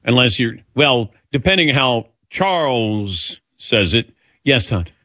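A man's voice: medium pitch, expressive, slow, sharp tone, dry recording, clean studio sound. A man hosting a sports radio show, taking callers and trading banter with his co-hosts, laughing easily.

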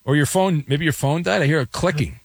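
A man's voice: fairly high pitch, fairly quick, gravelly, no room sound, studio quality. A man hosting a call-in sports radio show, wisecracking and sarcastic with callers. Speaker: radio sports talk host. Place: radio studio.

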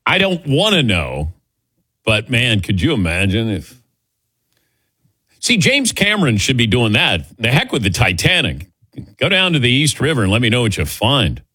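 A man's voice: medium pitch, huge pitch swings, moderate pace, pushed and bright, slightly rough, no echo, studio quality. A man in his sixties hosting a radio sports call-in show, chatty and self-deprecating, laughing often. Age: 60s. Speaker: radio sports talk host. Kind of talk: casual call-in chat.

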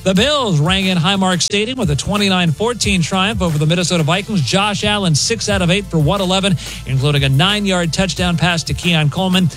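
A man reading a scripted sports news update in a brisk newsreader manner. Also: high voice, fairly bright tone, soft background music, poor audio.

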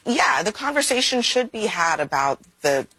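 A woman on a political panel, speaking in a measured, deliberate way. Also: medium pitch, sing-song, bright, forceful tone, breathy edge, no room sound, low-quality recording.

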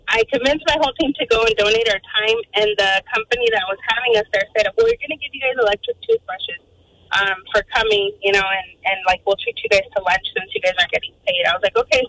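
A woman calling in to a radio show, telling her story in an animated, chatty way and quoting the people involved. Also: medium pitch. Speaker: radio caller. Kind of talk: phone-in storytelling. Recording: distant phone-line caller with faint noise.

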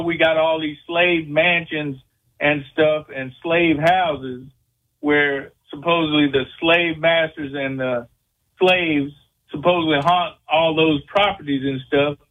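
Folksy Louisiana man on a phone line. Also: fairly high pitch. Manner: folksy, rambling questions. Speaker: caller. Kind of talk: call-in radio chat.

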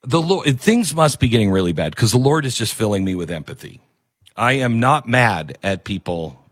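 A man's voice: medium pitch, big pitch swings, normal speed, slightly rough, no echo. A man hosting a talk radio show, speaking in a rambling, conversational monologue with frequent restarts. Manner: rambling, conversational, self-interrupting.

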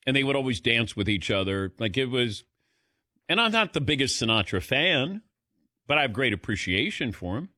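Man, sports radio host, casual talk, animated pitch, dry studio sound. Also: moderate pace, no room sound. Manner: chatty, conversational.

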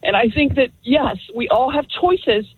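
A woman's voice: sits high, measured pace, slight background noise. A woman calling in to a radio talk show, speaking earnestly and with emphasis about her convictions. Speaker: caller. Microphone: telephone. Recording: tinny phone line.

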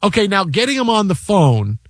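A male sports show host telling a story in a casual, animated way, acting out what people said. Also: fairly high pitch, fairly quick, no room sound, studio quality. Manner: animated, acts out quotes.

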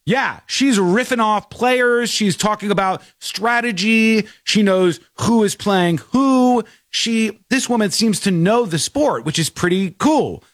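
A man's voice: sits high, expressive, slow pace, hardly any pauses, no room sound, clean studio sound. A man hosting a talk show, commenting in a mocking, exasperated way. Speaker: show host.

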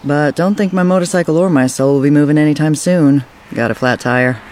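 An actor playing a laid-back male biker with a flat tire in a scripted radio ad, easygoing and shrugging things off. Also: on the high side, a little fast, slight background noise, lightly acted.

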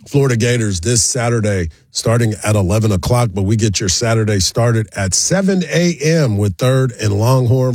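A man's voice: on the low side, a little mellow, no echo. A man hosting a morning sports radio show, running through promos and team stats in an upbeat way into a studio mic. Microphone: studio microphone.

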